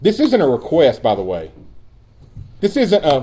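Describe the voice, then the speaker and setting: A man preaching a sermon as pastor, earnest and emphatic, dropping at times into quiet asides. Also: a little high, huge pitch swings, moderate pace, slightly rough.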